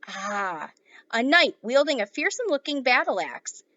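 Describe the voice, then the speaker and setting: A woman's voice: fairly high pitch, moderate pace, no room sound, dull audio. A woman teacher reading a children's novel aloud to her class, then giving the students a task. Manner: clear, steady read-aloud with classroom asides.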